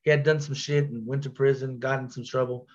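A man telling a story on a podcast in a casual, animated way, full of slang, repeats and restarts. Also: mid-range voice, a little fast, highs cut off.

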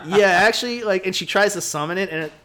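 Animated young-sounding man retelling a comic. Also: sits high, quick pace. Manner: animated storytelling, acts out quotes, heavy "like" filler. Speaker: podcast co-host. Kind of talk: casual chat, retelling a comic book.

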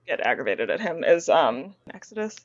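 A young woman, a podcast guest in casual chat, talking in an animated way, getting worked up and laughing often. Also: deep voice, normal speed, dry recording, muffled recording.

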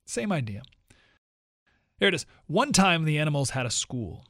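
A man hosts a talk radio show and reads a story aloud to his listeners. His voice sits a bit high and swings widely in pitch. The sound is dry and close. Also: dry recording. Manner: animated storytelling with quick asides.

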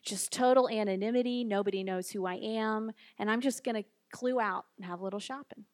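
A woman's voice: medium pitch, fairly quick. A woman minister from the Cincinnati area telling a story from the pulpit in a chatty way, acting out the dialogue and using many fillers. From Cincinnati area, USA. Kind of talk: storytelling sermon.

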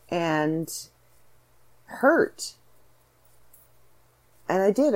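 A Canadian woman with a Canadian accent, hosting a podcast and talking casually about her writing in a chatty, animated way. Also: on the low side. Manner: chatty, animated storytelling with voiced asides. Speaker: podcast host and author. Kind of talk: casual solo podcast monologue.

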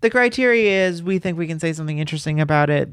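A man's voice: a little high, lively intonation, rapid-fire, fairly bright tone, smooth, no room sound, clean studio sound. A young man co-hosting a film podcast, chatting loosely, rambling through asides and laughing often. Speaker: podcast co-host. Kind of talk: casual film chat.

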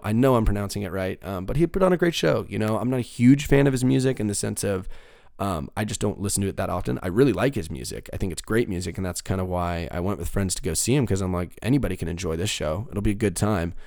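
Young male podcaster, gravelly, swears a lot, loose rambling chat, dry booth sound. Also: lowish voice, darkish tone, no room sound. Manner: rambling, profane, upbeat. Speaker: podcast host. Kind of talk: casual solo podcast monologue.

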